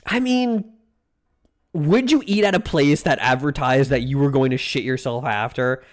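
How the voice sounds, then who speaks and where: A man's voice: mid-range voice, moderate pace. A young man streaming, reacting to food with casual, mock-outraged rants and plenty of swearing.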